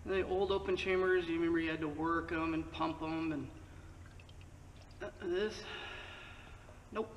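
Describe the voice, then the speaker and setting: A man's voice: a little high, fairly even intonation, a little slow, long pauses, dull audio. A man hosting his own motorcycle channel, talking casually through a how-to with chatty, joking asides. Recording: distant echoey mic, faint noise.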